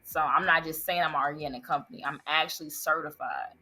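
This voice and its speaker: A woman's voice: low voice, fairly even intonation, fairly quick, pushed and bright. A woman who owns an ice cream business, answering interview questions earnestly and politely. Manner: earnest, answers with "yes, sir". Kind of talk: interview guest.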